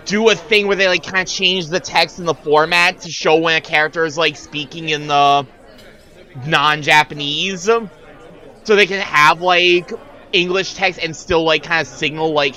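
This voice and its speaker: A man streaming himself reading a visual novel aloud, narrating and then ranting in an animated way, full of "like.". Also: high voice, low-quality recording. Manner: animated, frequent filler "like". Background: game music.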